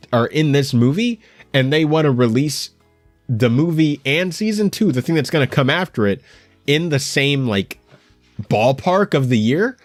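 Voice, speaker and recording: A young man hosts an anime news show alone, rambling through his thoughts in bursts and often stumbling into restarts. He talks at a middling pitch. The sound is dry and close, with faint music under it. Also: no echo. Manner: rambling, animated, many restarts and stammers. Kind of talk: casual solo commentary. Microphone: headphones while recording at home.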